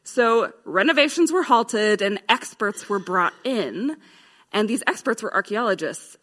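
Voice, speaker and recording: A woman's voice: medium pitch, a bit bright. A woman teaching a class of Bible teachers in a playful, lecturing way, laughing at her own drawings. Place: in front of a live class.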